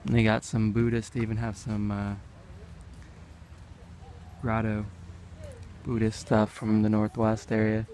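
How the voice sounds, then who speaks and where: A man's voice: lowish voice, warm tone, a little hiss or hum. Offhand American man vlogging outdoors. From United States. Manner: rambling, offhand, jokey asides. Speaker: travel vlogger. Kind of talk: casual walking commentary. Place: outdoor park with animal pens.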